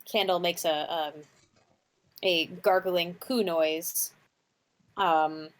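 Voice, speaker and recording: A woman's voice: on the low side, fairly even intonation, drawn-out words. A woman playing a tabletop game, describing her character's actions hesitantly with many fillers. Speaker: player.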